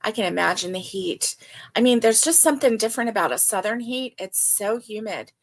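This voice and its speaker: A woman's voice: mid-range voice, lively intonation, brisk. An older woman hosting a casual livestream chat, reading viewer comments aloud and talking with many fillers. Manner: chatty, warm, with many fillers. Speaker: livestream host.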